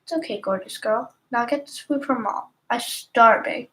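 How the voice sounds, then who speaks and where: Soft ASMR storybook dad, read by a woman, stern, hushed, low-voiced scolding father. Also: moderate pace, rough recording. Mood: affectionate. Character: stern middle-aged father, secretive, loving.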